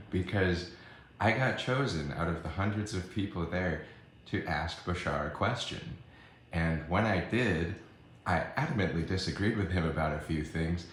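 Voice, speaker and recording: Deep-voiced man telling a story, echoey room. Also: a little hiss or hum. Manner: animated, acts out quoted arguments, swears. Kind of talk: casual storytime vlog.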